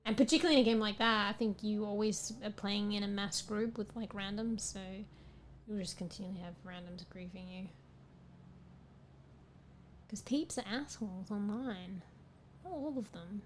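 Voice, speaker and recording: A woman's voice: mid-range voice, moderate pace, long pauses, slight background noise. A tired woman streamer chatting with her viewers in a rambling, playful way, often correcting herself. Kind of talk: casual chat with viewers. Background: game music.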